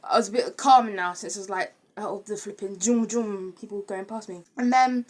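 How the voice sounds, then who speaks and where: A woman's voice: mid-range voice, brisk, a little mellow. A young woman telling a casual, rambling storytime with lots of filler words. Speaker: vlogger.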